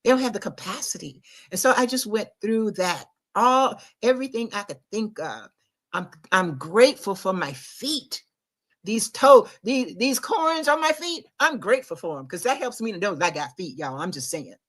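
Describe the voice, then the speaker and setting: A middle-aged woman hosting a podcast, giving an inspirational faith talk in an emphatic, confiding way that swings between loud urgency and quiet reflection. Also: mid-range voice, big pitch swings, normal speed. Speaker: podcast host.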